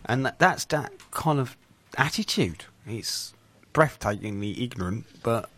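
A man's voice: mid-range voice, expressive, a little slow, a bit bright. A man co-hosting a podcast, chatting casually about politics with fillers like um and you know. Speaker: podcast co-host.

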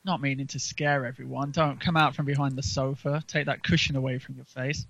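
A man's voice: mid-range voice, flat delivery, fairly quick, vocal fry, fairly bright tone, no echo. A man co-hosting a podcast, chatting casually about politics and rambling with frequent ums and restarts. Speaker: podcast co-host. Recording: dull lo-fi recording.

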